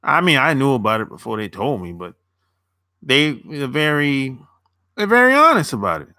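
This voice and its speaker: A man's voice: medium pitch, very animated, moderate pace, pushed and bright, no room sound, clean studio sound. A young man chatting loosely on a live stream, answering viewers as a dating coach, rambling and repeating himself with casual swearing.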